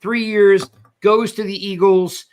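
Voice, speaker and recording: A man hosting a casual sports talk livestream, talking in an animated way and greeting viewers in the chat. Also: high-pitched, slow pace, clean tone. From South Jersey. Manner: animated, reads chat shout-outs. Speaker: podcast host.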